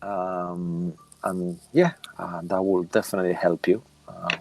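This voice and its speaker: A man voicing a gracious woman who leads the town, low and measured in tone with polite pauses and fillers. The voice stays close to his own, recorded dry for a tabletop role-play. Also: level tone, creaky, darkish tone, no room sound.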